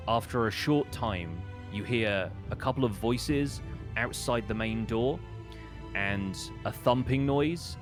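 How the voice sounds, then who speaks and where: Low-voiced man running a tabletop game. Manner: casual, with many fillers and restarts. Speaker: dungeon master.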